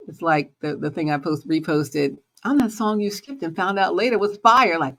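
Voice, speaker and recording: Animated woman hosting a casual talk. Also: moderate pace, gravelly, hardly any pauses. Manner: animated, swings pitch and loudness, laughs often. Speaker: host. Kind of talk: casual motivational monologue.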